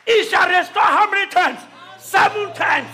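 A man preaching a shouted call-and-response sermon to a congregation, pausing for replies and breaking into tongues. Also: very high-pitched, faint music behind, some chatter behind. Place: church service with congregation.

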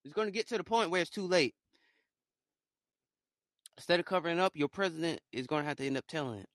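A young man with a fairly high voice rambles on in an excitable solo monologue, dropping to low mutters and then bursting out loud. The recording is close and dry, with no room sound around him. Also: fast, dry recording. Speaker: podcaster.

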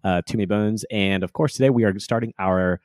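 A man's voice: fairly low pitch, brisk, a little mellow, no room sound, clean studio sound. Playful man hosting a podcast. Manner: playful, teasing, rambling with restarts. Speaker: podcast host. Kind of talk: casual podcast chat.

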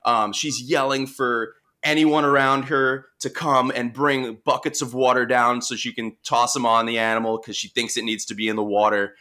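A young man with a Long Island accent tells a story in easy conversation. His voice is bright and forward, and the pitch sits in the middle. He talks casually, repeats himself and restarts often. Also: fairly even intonation, moderate pace, hardly any pauses. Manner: chatty, many restarts and fillers. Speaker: marine mammal responder.

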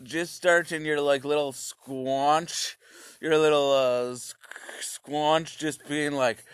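A man's voice: medium pitch, fairly even intonation, takes it slowly, clean tone, no echo, clean studio sound. A man doing a crude, meandering comic monologue, now and then breaking into grunted caveman noises.

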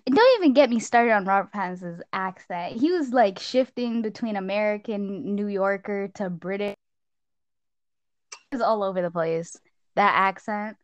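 A teenage girl casually chatting as she reviews a film, lively and full of retellings. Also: normal speed, no echo, dull audio. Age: teens. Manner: animated, acts out scenes in squeaky voices. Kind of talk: casual chat.

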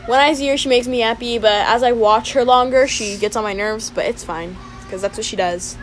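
A woman's voice: on the high side, brisk, faint music behind. A young woman in casual chat, rambling and hesitant as she answers questions, with frequent fillers and giggles. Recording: noisy home recording.

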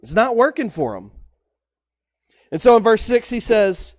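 Pastor, light high voice, storytelling sermon, dry recording. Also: male voice, sing-song, a little slow, pauses often, no echo. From Texas. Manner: conversational storytelling preaching.

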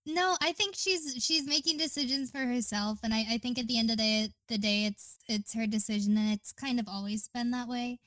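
A woman's voice: fairly high pitch, steady tone, brisk, few pauses, fairly bright tone. A woman co-hosting a casual game chat. She thinks aloud and hedges her points. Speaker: podcast co-host.

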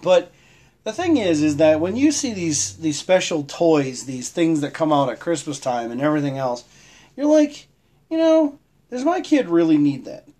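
A man's voice: on the high side, sing-song, moderate pace, warm tone. Man, chatty live-stream host, upper-range voice, rambling, laughs a lot. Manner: rambling, greets viewers by name, laughs often. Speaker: livestream host. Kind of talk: casual live-stream chat.

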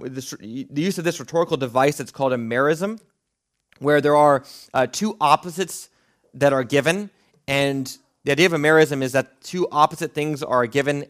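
A man preaching an expository sermon, explaining a passage in an earnest, teacherly way with frequent restarts and fillers. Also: mid-range voice.

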